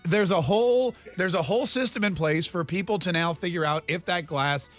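A man's voice: high-pitched, a bit bright, faint music behind. A man hosting a morning radio show, joking playfully as he runs a call-in quiz game. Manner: joking, playful, quick-talking.

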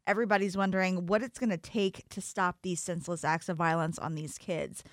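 A woman's voice: lowish voice, steady tone, brisk, no echo. Radio co-host woman, dry close sound. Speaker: radio morning show co-host. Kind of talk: casual radio chat.

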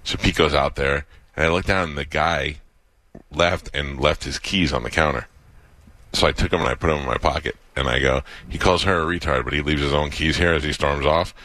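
Man, radio co-host, deep, quick, bright voice, dry studio sound, animated storyteller. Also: dry recording. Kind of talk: casual radio banter, storytelling.

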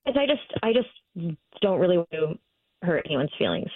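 A woman's voice: lowish voice, sing-song, moderate pace, no echo. A woman caller on a phone line to a radio show, hesitant and giggly, with lots of fillers.

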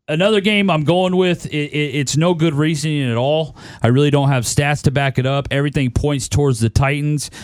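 A man's voice: medium pitch, no room sound. Man, podcast host, casual betting talk, resonant voice, dead dry room. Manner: laid-back, weighs each pick out loud. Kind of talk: casual sports betting chat.

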